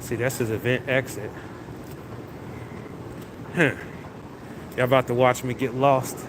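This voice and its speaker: Speaking unhurriedly in a medium-pitched, steady voice, a male host rambles to viewers on a casual livestream. He walks through a large indoor venue, picked up by his phone's mic, with noisy background sound from the venue.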